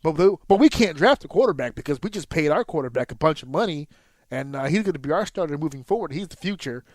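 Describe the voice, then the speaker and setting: A man's voice: on the high side, animated, quick pace, dry recording. A man co-hosting a podcast, telling a casual, profane story and acting out his own reactions. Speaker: podcast co-host. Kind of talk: casual chat.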